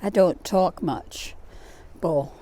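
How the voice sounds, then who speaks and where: A woman's voice: fairly low pitch, extremely slow, mellow. An older woman with a Scottish accent chatting casually while working outdoors in a garden, rambling a little and poking fun at herself. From Scotland. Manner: chatty, rambling, self-deprecating. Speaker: gardening vlogger.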